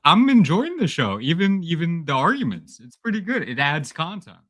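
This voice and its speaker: A man's voice: fairly high pitch, sing-song, normal speed, a bit bright, no echo, studio quality. A man calling in to a podcast, chatting in a laid-back, blunt way with fillers. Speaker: caller. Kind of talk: casual call-in chat.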